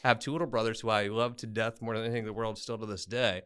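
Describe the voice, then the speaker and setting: A man's voice: fairly low pitch, very fast, clear, resonant tone. A man from Tennessee, a guest attorney, telling his story bluntly and with self-deprecating humor in an interview. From Tennessee, USA. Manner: blunt, self-deprecating, animated when quoting people.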